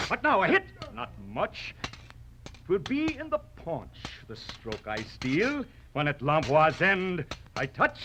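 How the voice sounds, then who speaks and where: A man's voice: sits high, bright, forceful tone, slight background noise, exaggerated voice. An actor playing a proud, mocking poet swordsman with a huge nose, declaiming in theatrical old radio-drama style. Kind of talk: vintage radio drama acting.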